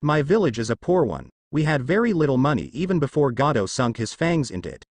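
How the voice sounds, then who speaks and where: A man's voice: mid-range voice, sing-song, fast talker, dry recording. A man voicing a bitter older male villager who spits his words, in a fan story read aloud. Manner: bitter, spitting.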